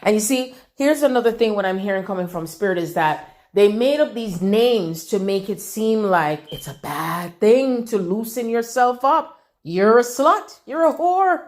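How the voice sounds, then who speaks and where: Delivering what she presents as a channeled spiritual message, a woman repeats phrases incantatorily, shifting between loud proclamations and near-whispers. She has a mid-range voice with lively intonation, speaking at normal speed with hardly any pauses.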